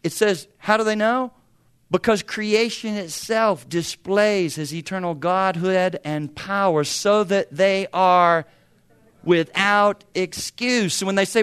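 A man's voice: high-pitched, slow, a bit bright, clear, resonant tone. A man in his fifties preaching a sermon as pastor, talking in a conversational, humorous way with sudden bursts of emphasis. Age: 50s.

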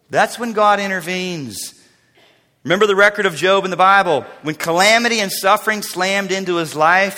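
A man preaching a sermon, telling stories with dramatic swings between loud bursts and hushed asides. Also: sits high. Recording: long reverb of a large hall.

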